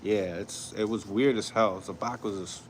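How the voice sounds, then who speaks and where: A man's voice: on the low side, fairly even intonation, moderate pace, a little hiss or hum, poor audio. A man from New York hosting a livestream, chatting casually with viewers, swearing, laughing and rambling. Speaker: livestream host. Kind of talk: casual commentary with chat.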